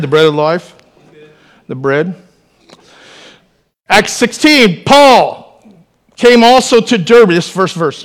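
A man preaching to his church in an animated way, with joking asides and calls for the congregation to respond. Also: sits high. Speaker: pastor. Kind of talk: sermon.

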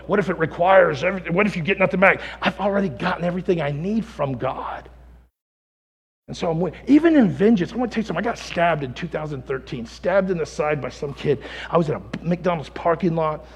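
A man preaching a sermon as a pastor, telling stories with lively acted quotes and laughter. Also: sits high, creaky, slightly rough, in a large hall.

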